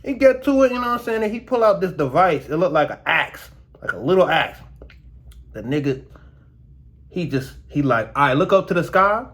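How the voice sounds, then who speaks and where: A young man vlogging casually to his viewers about his dental work, slangy and animated, his mouth still sore. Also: on the high side, moderate pace, pauses often. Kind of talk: casual storytelling vlog.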